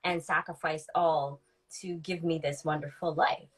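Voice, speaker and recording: A woman in her forties with a fairly low voice speaks as a podcast guest. She tells a candid personal story in a reflective way, with many ums, and acts out remembered conversations. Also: fairly even intonation, measured pace, a bit bright, low-quality recording.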